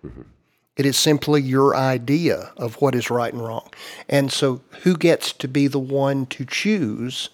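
A man's voice: mid-range voice, measured pace. A man hosting a casual discussion, explaining ideas earnestly and at length.

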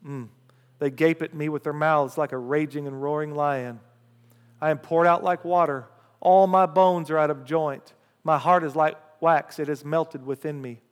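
A man preaching a sermon, reading scripture aloud with rising emphasis and lively call-and-response asides to the congregation. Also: fairly high pitch. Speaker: pastor. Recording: long hall reverb.

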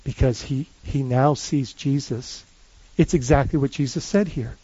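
A man who is a lead pastor, preaching a sermon in a conversational, animated way, often restarting his phrases. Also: medium pitch, measured pace, husky, no room sound, highs cut off.

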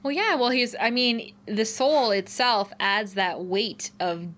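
Woman on a podcast, animated recap, laughs a lot. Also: a little high, slow pace. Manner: animated retelling, laughs often. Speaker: podcast co-host. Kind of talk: casual recap chat.

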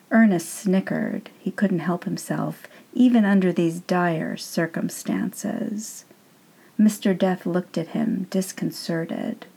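A woman reading her own story aloud in a measured, gently wry narrating voice. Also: on the low side, vocal fry.

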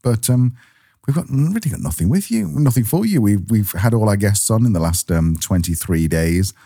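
An English man co-hosts a podcast, chatting casually and rambling through anecdotes while acting out family quotes. His fairly low voice is animated, creaky, warm and husky at a normal pace, recorded cleanly in a studio with no echo.

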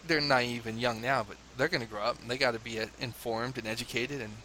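A man from the United States, a father, telling a lively anecdote in casual conversation, laughing often and mimicking chanting crowds. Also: medium pitch, quick pace, a little hiss or hum.

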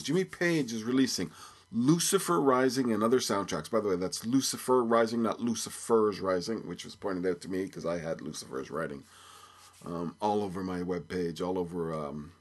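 A man's voice: deep voice, lively intonation, moderate pace. A man of about fifty from Belfast, hosting a podcast in a rambling, joking way with many fillers. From Belfast, Northern Ireland. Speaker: podcast host. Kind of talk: casual solo podcast chat.

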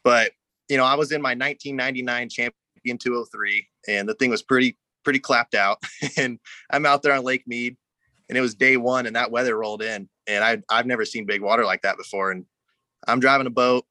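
Bright, dry-voiced casual man. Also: medium pitch, steady tone, brisk, no echo. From Arizona. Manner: laid-back, says "you know" a lot. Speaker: guest angler. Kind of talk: casual storytelling.

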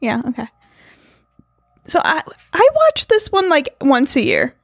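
A woman co-hosting a casual podcast chat, animated and opinionated. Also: sits high, measured pace, creaky, no echo, studio quality. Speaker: podcast co-host.

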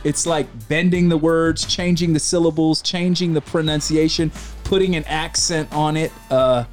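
A man hosting a podcast, chatting casually and excitedly, rambling and swearing freely. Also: a little high, normal speed, soft background music. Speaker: podcast host. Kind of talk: casual chat about hip hop.

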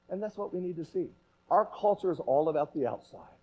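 High-voiced, animated male preacher. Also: fairly quick, husky, phone-quality sound. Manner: animated, emphatic, repetitive questions. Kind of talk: sermon. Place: church.

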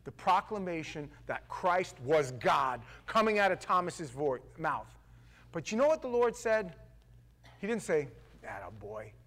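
Male pastor, slightly high voice, casual slangy preaching, blunt, swings between quiet asides and loud emphasis. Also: sing-song, a little slow. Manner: slangy and blunt, with frequent restarts. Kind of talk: casual conversational sermon.

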